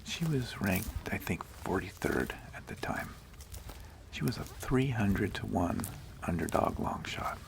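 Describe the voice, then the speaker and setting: A man talking in a gentle, whispery ASMR manner, telling a story unhurriedly while out on a nature hike. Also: sits low, lively intonation, a little slow, creaky. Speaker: ASMR host. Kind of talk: soft-spoken ASMR talk.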